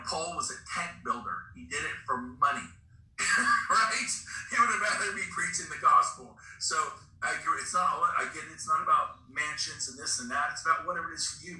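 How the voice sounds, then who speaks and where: A man's voice: fairly high pitch, bright, forceful tone. A middle-aged man giving a fired-up motivational talk on a group call, telling stories to push his listeners. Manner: fired-up, preachy storytelling. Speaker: real estate brokerage recruiter. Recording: echoey room, distant mic.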